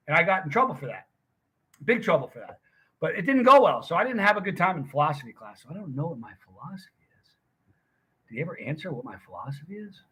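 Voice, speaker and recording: A man's voice: fairly high pitch, sing-song, fast talker, sharp tone, breathy edge. A middle-aged man hosting a livestream, chatting casually with viewers and rambling through a story. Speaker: livestream host. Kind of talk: casual chat with live viewers.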